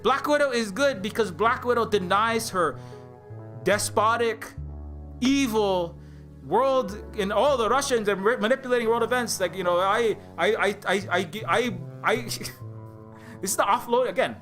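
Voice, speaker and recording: An indie game developer ranting in a rambling, profane, sarcastic video commentary. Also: male voice, high-pitched, measured pace, a bit bright, faint music behind.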